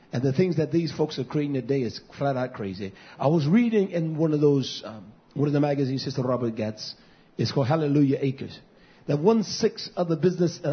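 A man preaching a sermon as pastor, impassioned and swinging between loud and hushed passages. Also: medium pitch, husky. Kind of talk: sermon to a live stream. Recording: dull lo-fi recording.

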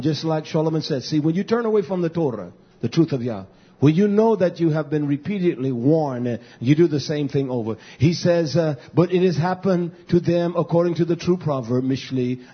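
Blunt fiery male preacher, husky voice. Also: highs cut off. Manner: blunt, repetitive, swings between shouting and low muttering. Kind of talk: fiery sermon.

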